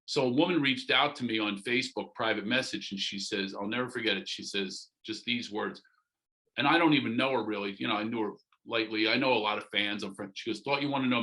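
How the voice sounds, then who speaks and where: A middle-aged comedian is a guest in a podcast interview, joking, animated, and leaping into loud comic asides. His pitch is fairly low, and the audio quality is poor.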